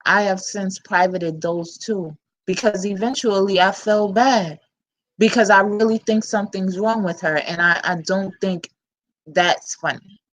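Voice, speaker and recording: A woman's voice: mid-range voice, steady tone, unhurried, poor audio. A woman with a New York accent hosting her own vlog, talking bluntly and candidly in casual slang-filled commentary. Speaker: channel host.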